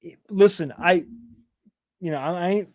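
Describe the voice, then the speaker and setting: A middle-aged man from East Texas, somewhere in his 40s or 50s, rambles casually while reading viewer comments on a live stream, tossing in self-deprecating asides. His voice is high-pitched at a moderate pace, captured in clean studio sound with no room echo.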